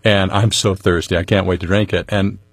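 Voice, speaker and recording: A man's voice: low-pitched, little pitch movement, a little fast, no room sound. A middle-aged man telling his story as an interview guest, talking in an earnest, conversational way with touches of wry humor. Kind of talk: personal storytelling.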